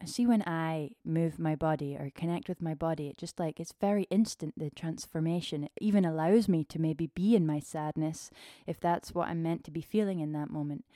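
Speaking a little fast and hardly pausing, a low-voiced woman hosts her own podcast in a casual solo format. She's chatty and warm, filling her free-flowing talk with fillers, and sounds a bit out of breath. The audio is studio quality with no echo.

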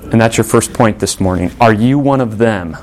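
Animated man preaching a sermon. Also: on the low side, moderate pace, a little hiss or hum. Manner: animated storytelling, acting out quoted lines. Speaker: pastor.

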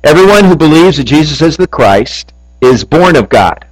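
A man's voice: fairly high pitch, sing-song, normal speed, low-quality recording. A man preaching a sermon to his congregation, earnest and building to emphatic peaks. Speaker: pastor.

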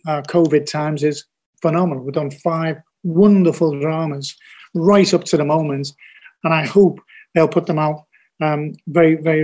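An older man with a Scouse accent speaks as a guest on a podcast interview. His voice sits somewhat high for a man. He comes across as blunt, earnest and folksy. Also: darkish tone. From Liverpool, England. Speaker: TV producer guest.

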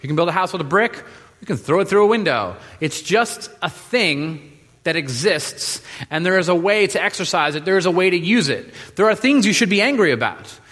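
A man preaching a sermon in a relaxed, joking way, with many fillers and restarts. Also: high-pitched, fairly quick. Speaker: pastor. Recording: reverberant hall.

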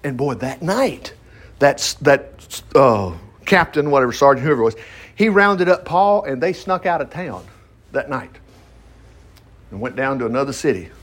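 In a mid-range, fairly bright voice, a pastor speaks at normal speed and with great animation. He's leading an informal Bible study, reading verses aloud and riffing on them folksily, with plenty of asides.

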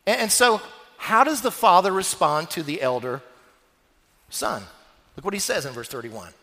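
A man's voice: fairly high pitch, lively intonation, normal speed, pauses often, pushed and bright. A man pastor preaching a sermon, telling a story dramatically. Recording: long reverb of a church hall.

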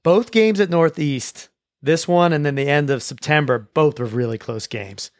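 A man's voice: a little high, moderate pace, dry recording, studio quality. Man hosting a school sports recap. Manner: relaxed, with frequent restarts and repeated words. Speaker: host of a school sports show. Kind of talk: casual sports recap chat.

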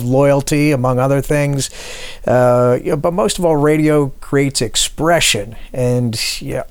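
A man interviewing, speaking in a measured, reflective way. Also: mid-range voice, clean tone, dry recording.

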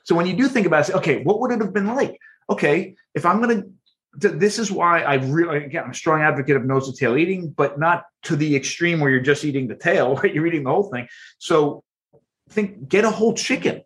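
A man with a fairly high speaking voice talks as a podcast guest, explaining his points with lively energy. He often stumbles and restarts his sentences as he goes. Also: fairly quick. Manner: animated explainer, frequent restarts. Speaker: guest author. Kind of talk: podcast interview.

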